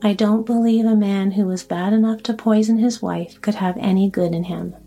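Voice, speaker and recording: A woman's voice: mid-range voice, fairly even intonation, normal speed, mellow, faint music behind, close to an everyday voice. A woman voicing a talkative, anxious old grandmother in a storybook reading. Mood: musing. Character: chatty fussy old grandmother.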